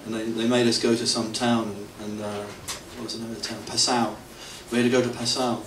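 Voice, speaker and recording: Speaking slightly fast at medium pitch with little rise or fall, a middle-aged devotee shares stories with listeners at a temple anniversary. He rambles, jokes at his own expense, and chuckles frequently. The temple hall is picked up by a distant mic, sounding roomy with a faint hiss.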